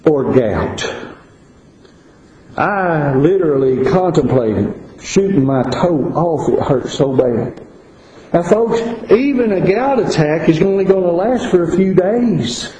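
A man preaching a sermon, earnest, dropping to quiet asides and rising to stress warnings. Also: fairly high pitch, expressive, slow, roomy sound, lo-fi sound, slight background noise.

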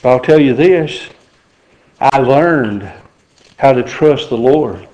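A man's voice: mid-range voice, lively intonation, takes it slowly, darkish tone, rough recording. A middle-aged man preaching a sermon in a folksy, joking way. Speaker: pastor.

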